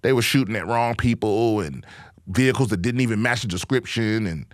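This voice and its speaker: A podcast host and comedian delivers a profane, meandering comic rant as a casual monologue, often restarting his sentences. His voice is lowish and fairly quick. The sound is studio quality with no echo.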